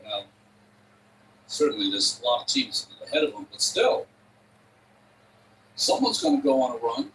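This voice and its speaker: A man's voice: medium pitch, a bit bright, recorded from a distance, a little hiss or hum, poor audio. A man giving conversational, analytical baseball color commentary.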